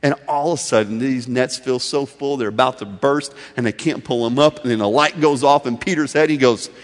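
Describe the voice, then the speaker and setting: A male pastor preaching a sermon in a storytelling way, swinging from loud emphasis to soft, intimate delivery. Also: medium pitch, brisk, long reverb tail.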